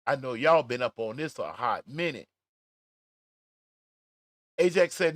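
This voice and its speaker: Animated man reading chat on a stream. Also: mid-range voice, no room sound. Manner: animated, laughing, drawn-out emphasis. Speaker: livestream commentary host. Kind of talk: casual commentary reading live chat. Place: at home, smoking a cigar.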